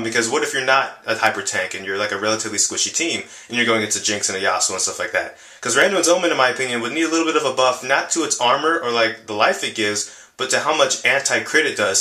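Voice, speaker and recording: Rambling young man in an echoey room. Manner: rambling, filler-heavy, lively pitch jumps. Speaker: gaming channel host. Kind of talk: casual video commentary.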